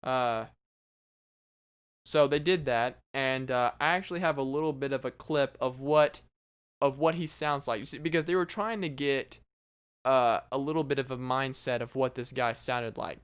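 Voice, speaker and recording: A man's voice: mid-range voice, moderate pace, clean tone. A man hosting his own casual podcast, talking alone in a sarcastic, rambling and mocking way. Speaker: podcast host. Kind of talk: casual solo podcast monologue.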